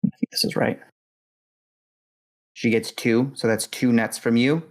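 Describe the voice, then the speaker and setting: A man narrating as game master of a tabletop horror game, calm and matter-of-fact with frequent fillers. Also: medium pitch, a little slow, low-quality recording.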